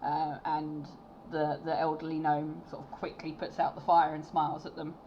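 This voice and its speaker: A woman running a tabletop game, narrating scenes in a relaxed, hesitant way with many fillers. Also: low-pitched, normal speed, slight background noise. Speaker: game master. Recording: dull lo-fi recording.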